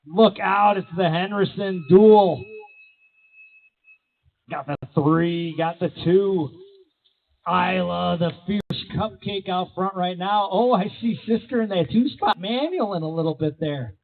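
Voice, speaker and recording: High-voiced man calling BMX races. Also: vocal fry. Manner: energetic, rapid calls full of rider nicknames. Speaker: race announcer. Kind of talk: live play-by-play commentary. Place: outdoor BMX track. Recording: tinny, phone-like sound.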